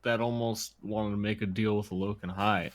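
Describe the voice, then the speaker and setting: A man's voice: fairly low pitch, fairly even intonation, slight background noise. A man playing a tabletop game, teasing the other players. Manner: teasing, quick-witted.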